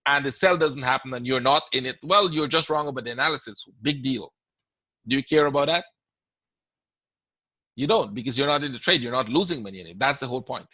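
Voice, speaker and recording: A man with a Guyanese accent hosts a live trading webinar, answering questions conversationally and often checking in with "right?". He speaks at a medium pitch, fairly quickly, with a bright, forceful tone and no room sound.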